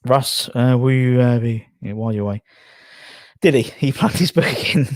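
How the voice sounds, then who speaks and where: Male stream host from England, out of breath, chatty and rambling, mid pitch, dry mic. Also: moderate pace, dry recording. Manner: rambling, chatty, reads out viewer comments. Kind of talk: casual live stream chat. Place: garage.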